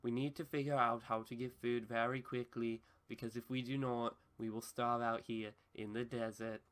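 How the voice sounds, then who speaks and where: A man voicing a male wilderness survival show host in a put-on Australian accent, with a stiff, formal, deadpan delivery in a comedy skit. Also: medium pitch, moderate pace, close to an everyday voice. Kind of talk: comedy skit narration over gameplay.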